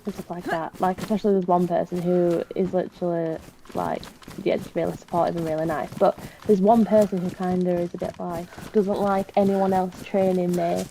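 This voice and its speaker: A woman's voice: lowish voice, little pitch movement, normal speed, dark tone, slight background noise, low-quality recording. A woman chatting casually, venting with lots of fillers. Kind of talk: casual chat.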